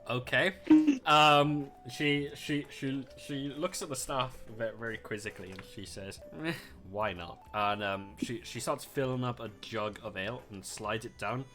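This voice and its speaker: A man's voice: mid-range voice, normal speed, pushed and bright, faint music behind. Young man, game master narrating a tabletop session, loose and rambling. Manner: rambling, chuckling, with many fillers.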